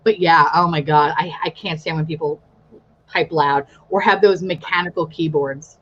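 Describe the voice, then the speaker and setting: A woman's voice: low-pitched, fairly even intonation, moderate pace, fairly bright tone. Profane, laughing young woman storyteller. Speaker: podcast host. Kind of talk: casual chat. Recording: slightly dull lo-fi audio.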